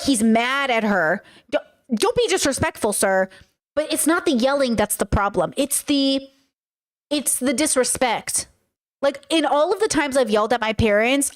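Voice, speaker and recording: A woman streamer chatting casually with her live chat, loud and excitable, a self-described yell talker. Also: sits high. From grew up in a Middle Eastern home. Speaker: streamer reacting to a video.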